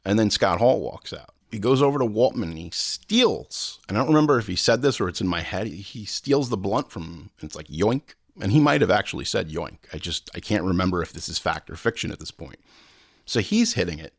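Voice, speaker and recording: A man's voice: fairly quick, no echo, clean studio sound. A man hosting a podcast, telling a long casual story with swearing and acted-out quotes. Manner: animated, swearing, acts out quotes with big pitch jumps. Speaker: podcast host.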